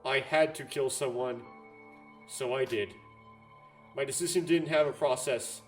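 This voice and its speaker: A man voicing a young male boxer who admits to a murder, speaking in a flat, resigned way, reading game lines aloud. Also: mid-range voice, a little slow, faint music behind, natural voice. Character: male teen boxer, calm killer turned cold.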